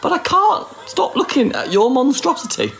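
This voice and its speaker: A gushing young woman begging to hear her eyes are pretty, as a man puts her on. The voice sits very high above his own and comes out whiny and shrill, with a tearful wobble. It stays a little away from the mic. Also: huge pitch swings, normal speed, gravelly, fairly bright tone, full character voice. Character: gushing young woman friend fishing for compliments.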